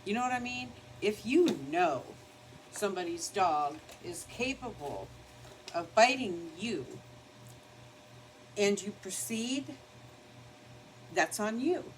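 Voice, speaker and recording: A woman's voice: medium pitch, animated, slow pace, long pauses, slight background noise, poor audio. An older woman chatting casually while doing her makeup at her home vanity, rambling and now and then scolding her dog. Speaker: beauty vlogger. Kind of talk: casual get-ready-with-me chat.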